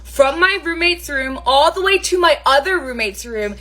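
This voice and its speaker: A woman's voice: sits high, lively intonation, normal speed, a bit bright. A woman telling a storytime vlog in a chatty way, with plenty of "like" fillers. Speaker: vlogger.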